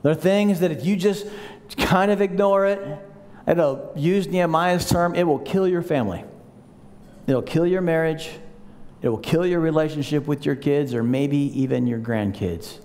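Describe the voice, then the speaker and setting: Animated high-voiced pastor in a reverberant church. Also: male voice, normal speed. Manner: animated, acts out voices of the people he quotes; leads the congregation in call-and-response. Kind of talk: sermon. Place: large church hall. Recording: long hall reverb.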